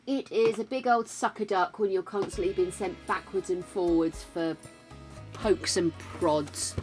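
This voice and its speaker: An older woman streaming a game and chatting casually to viewers. She is effusive and excitable, swears freely, and calls people darling. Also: lowish voice, unhurried, music in the background. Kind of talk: casual live-stream chat.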